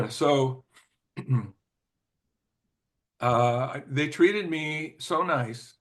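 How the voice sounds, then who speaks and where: An older man, a former record executive, telling a rambling anecdote in an interview, with frequent "you know" fillers, restarts, laughs and throat clearing. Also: fairly high pitch, animated, extremely slow. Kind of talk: anecdotal storytelling in conversation.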